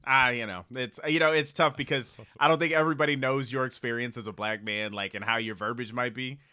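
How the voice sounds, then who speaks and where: A man co-hosting a casual comedy podcast, talking in a relaxed, loose way with lots of fillers. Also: mid-range voice, brisk, clean tone. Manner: relaxed, filler-heavy, laughing. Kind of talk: casual chat.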